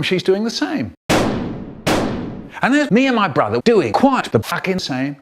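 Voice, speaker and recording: A man narrating a comic story, lively and jumping into high silly voices for the quoted lines. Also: a little hiss or hum.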